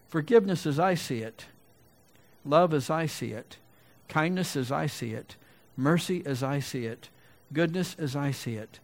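Man preaching with animated, swinging emphasis. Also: a little slow. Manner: animated preaching, swinging between loud emphatic peaks and quiet low asides; conversational, with restarts and asides to the congregation. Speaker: pastor. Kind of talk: sermon.

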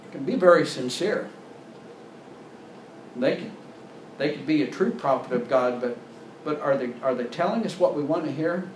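A man's voice: fairly high pitch, normal speed, pauses often, slight background noise. A man preaching a sermon as a pastor, talking plainly and building to emphatic points. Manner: conversational preaching, rising to emphatic.

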